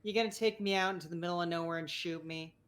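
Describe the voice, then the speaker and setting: A woman's voice: lowish voice, fairly even intonation, fast talker, lightly acted. A woman voicing a jaded woman criminal who has just been bailed out, talking in a dry, exasperated way. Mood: weary sarcasm.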